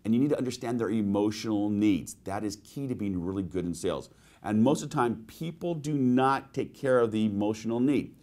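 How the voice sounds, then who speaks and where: A sales trainer giving a webinar presentation, telling stories and asking the audience rhetorical questions. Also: male voice, lowish voice, brisk, warm tone.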